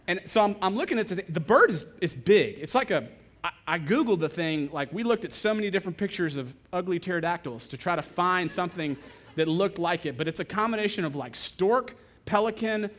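A young adult man, a pastor, preaching a sermon and telling a story with lively, animated delivery. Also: fairly high pitch. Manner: animated storytelling, acting out other voices.

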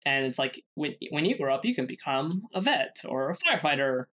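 A man of middle pitch co-hosting a casual podcast. He presents his researched segment in a halting way, leaning on fillers and restarting sentences. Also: big pitch swings, pushed and bright. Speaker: podcast co-host.

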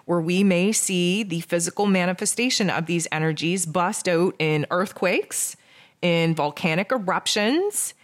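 A woman with a somewhat low voice talks through an astrology forecast. She speaks off the cuff, leans on sarcasm and self-mockery, and stacks up repeated words and phrases as she goes. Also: unhurried. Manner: repetitive, builds lists of near-synonyms.

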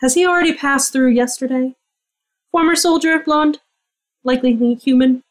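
A woman's voice: sits high, moderate pace. A woman playing a tabletop game, casual and upbeat, describing her character. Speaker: player.

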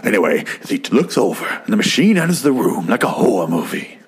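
A man doing an impression of a famous actor's voice for an obsessed man threatening a machine, slow and brooding. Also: fairly low pitch, big pitch swings, slightly rough. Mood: ominous. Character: obsessed middle-aged man, menacing, gravel-voiced drawl.

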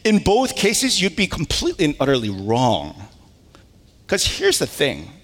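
A man in his thirties preaching a sermon as pastor, telling a family story with lively animation. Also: on the high side, unhurried. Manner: animated storytelling with wails and laughs. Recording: long hall reverb.

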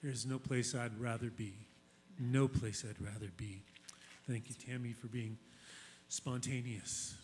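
A man's voice: mid-range voice, steady tone, a little slow, darkish tone, slight background noise. A male pastor giving a sermon in a conversational, emphatic style, repeating key phrases for weight.

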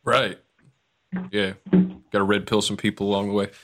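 A man's voice: on the low side, little pitch movement, normal speed, fairly bright tone, soft background music. A man hosting a podcast, chatting casually and agreeing easily with his guest. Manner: laughing, agreeable listener. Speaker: podcast host. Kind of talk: casual chat.

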